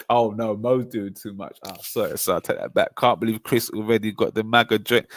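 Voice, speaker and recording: A young man with a low voice, bantering with his chat on a football stream. He talks in slangy, excitable bursts, and the sound is dry and close, with no room around it. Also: fairly quick, few pauses, dry recording.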